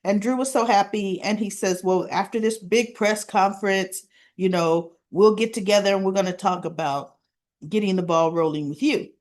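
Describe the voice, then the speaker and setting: A woman's voice: medium pitch, normal speed. A woman hosting a casual soap opera recap, retelling scenes and dialogue with chatty asides.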